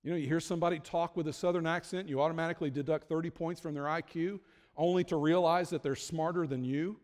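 A man's voice: on the high side, fairly even intonation, fast, darkish tone. Man preaching in an echoing hall. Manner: conversational, self-deprecating humor, frequent restarts. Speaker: pastor. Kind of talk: sermon. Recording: long hall reverb.

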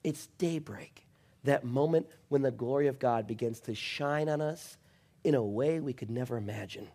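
A man preaching a sermon, swinging from passionate, shouted refrains down to a soft, intimate storytelling voice. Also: medium pitch, normal speed. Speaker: pastor.

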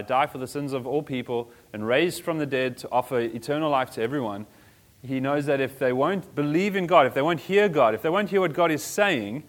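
A pastor preaching with a relaxed, conversational delivery, full of everyday slang. His voice sits at a middle pitch, neither deep nor high, and he sounds like he is chatting rather than orating. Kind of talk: sermon.

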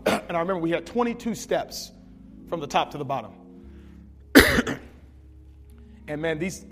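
A man preaching in a church with a strikingly high voice, telling stories in an animated way and shouting out the big moments. The sound carries a long hall echo, with soft music underneath. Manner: animated storytelling, shouting at peaks, sound effects. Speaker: pastor. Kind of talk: sermon.

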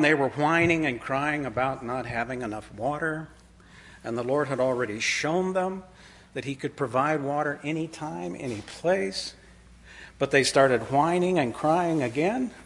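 A man preaching a sermon in a folksy storytelling way, dropping low and quiet when he quotes. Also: measured pace, slight background noise.

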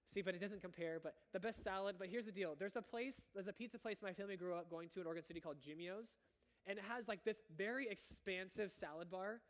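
A man's voice: sits high, fast. A young man preaching a sermon to his church in a casual, chatty way, often correcting himself. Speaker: pastor.

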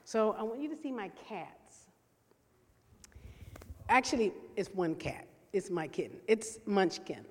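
A woman speaking to a gathered congregation, her voice at a middle pitch. She talks in a warm, casual way and stretches key phrases slowly for emphasis. Her voice rings out with a long reverb, as in a large hall. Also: expressive, husky. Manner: conversational and earnest, slows down to stress key words. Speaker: speaker at a church service. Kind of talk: sermon with personal story. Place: large room with an audience.

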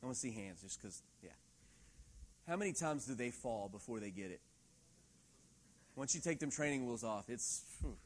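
A middle-aged man preaching a sermon in a church hall, lively and laughing often, acting out quoted voices. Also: medium pitch, moderate pace, long pauses. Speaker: pastor.

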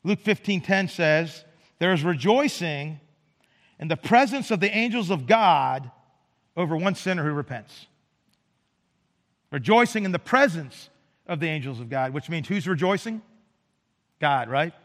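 Predicador de voz aguda en una sala con eco. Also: male voice, fairly high pitch, lively intonation, a little slow, long pauses, a bit bright, in a large hall. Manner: conversational, repeats words, asks "right?". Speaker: pastor. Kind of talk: sermon. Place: church sanctuary.

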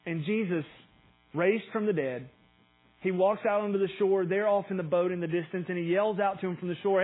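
Husky, animated male pastor preaching. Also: high-pitched, fairly quick, phone-quality sound. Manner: animated storytelling, acting out quoted dialogue with rising intensity. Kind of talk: sermon.

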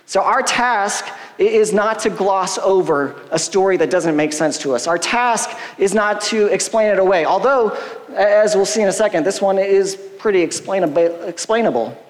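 A man preaching a casual sermon, retelling the story conversationally with quick quoted asides. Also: high voice. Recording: long hall reverb.

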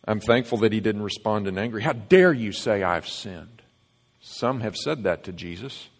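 A man's voice: on the low side, expressive, normal speed. Earnest preaching man in echoing hall. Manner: earnest, emphatic preaching with swings between loud and hushed. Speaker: pastor. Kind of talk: sermon. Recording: long reverb of a large hall.

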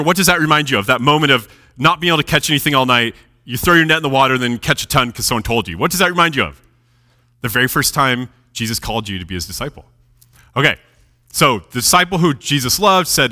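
A man preaching a sermon, reading scripture aloud and explaining it with animated delivery, dropping his voice low at key moments. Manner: lively, animated preaching with dramatic drops in volume. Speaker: pastor. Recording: long hall reverb.

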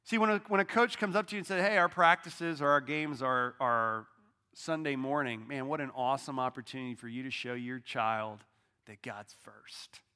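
A middle-aged man preaching a sermon from a church stage, casual and lively, leading the congregation in call-and-response. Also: medium pitch, moderate pace, clear, resonant tone. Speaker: pastor.

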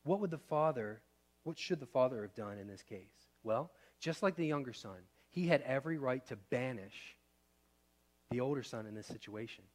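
A man in his thirties, a pastor preaching a sermon in a conversational way, asking the room questions and shifting between loud and soft. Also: mid-range voice, animated, moderate pace.

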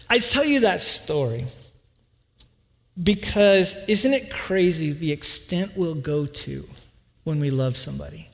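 A pastor in his thirties with a high voice tells a humorous story from the pulpit. He chats easily and acts out his family's lines. His voice rings with the long reverb of a church hall. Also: normal speed, vocal fry. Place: church hall with live audience.

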